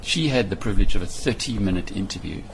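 Deep, gravelly male interviewer. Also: animated. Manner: hesitant, halting phrasing. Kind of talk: interview questions. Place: hotel lounge. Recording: faint room noise in a hotel lounge.

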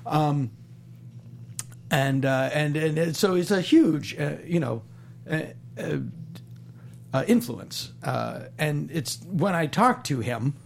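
A man in his fifties, a stand-up comedian, chatting as an interview guest in a halting way with many restarts. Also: on the high side, vocal fry, a little hiss or hum. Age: 50s. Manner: halting, full of restarts and fillers. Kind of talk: casual interview chat.

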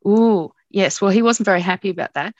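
A middle-aged Australian woman, a broadcast journalist, telling stories about her past in an animated way with frequent laughs. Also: medium pitch, a little fast, no room sound, lo-fi sound. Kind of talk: reminiscing in an interview.

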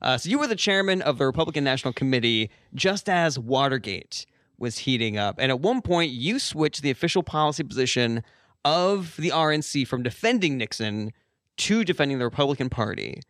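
An American man hosts a comedy podcast, playing it straight with deadpan interview questions. His voice sits at an average pitch, recorded dry and close. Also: a little fast, dry recording. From United States. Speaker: podcast host.

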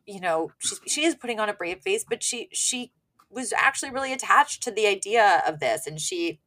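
A woman's voice: medium pitch, lively intonation, normal speed, sharp tone. A woman co-hosting a podcast, chatting casually through an episode recap, laughing often and acting out the characters' lines. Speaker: podcast co-host.

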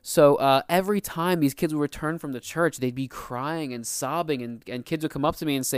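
Earnest storytelling man, crisp dry voice. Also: medium pitch, fast, hardly any pauses, dry recording. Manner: earnest storytelling, laughs often. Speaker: podcast co-host and youth minister. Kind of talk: casual faith podcast chat.

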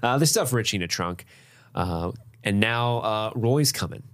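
A man's voice: on the low side, animated, normal speed, fairly bright tone, clear, resonant tone. A man co-hosting a casual movie-review podcast, laid-back and swearing freely, with frequent laughter. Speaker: podcast co-host.

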